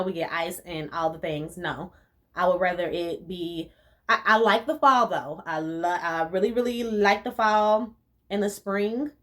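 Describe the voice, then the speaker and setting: Chatty young woman, laughs a lot. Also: lowish voice. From rural US. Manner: chatty, animated, laughs often, Southern US slang. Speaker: vlogger answering viewer questions. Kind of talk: casual chat.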